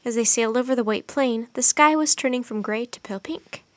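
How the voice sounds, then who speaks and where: Woman, audiobook narrator, expressive storytelling, fairly high voice, dry studio sound. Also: brisk, no room sound.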